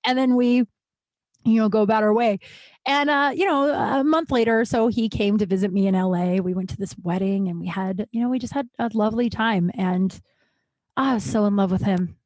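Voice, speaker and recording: A podcast host from Colorado, in her thirties, tells a personal story in a frank, self-deprecating way and swears a lot. She speaks fairly quickly in a mid-range, slightly mellow voice, recorded dry.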